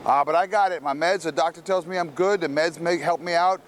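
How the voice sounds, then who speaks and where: A man doing a loud, fidgety male custodian who rambles on without pause, his voice pushed a notch above an ordinary man's pitch. The figure is told as part of a spoken church story. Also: a little hiss or hum, natural voice. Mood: earnest. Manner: talks loudly and rambles, voice pitched up.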